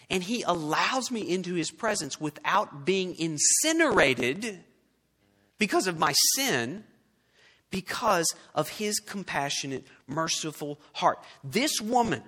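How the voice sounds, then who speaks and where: A high, lively male voice preaching to a congregation, bright and a little husky. He swings from emphatic peaks down to near-whispers. The sound rings with a long hall reverb, as in a large church. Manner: animated preaching, swinging from loud to hushed. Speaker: pastor. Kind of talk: sermon.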